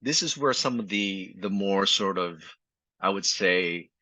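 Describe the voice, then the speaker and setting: A man's voice: low-pitched, lively intonation, unhurried, pushed and bright, dry recording. A middle-aged man from Vietnam, a physician, telling his personal story as a podcast interview guest in an earnest, reflective way. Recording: slightly dull lo-fi sound.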